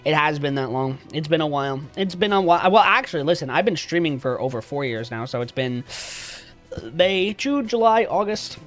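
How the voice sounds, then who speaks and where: Livestreamer who talks casually with viewers, swears freely and rants for comic effect, with a mid pitch. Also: fairly quick. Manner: animated, profane, joking mock rants. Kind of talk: casual live-stream chat.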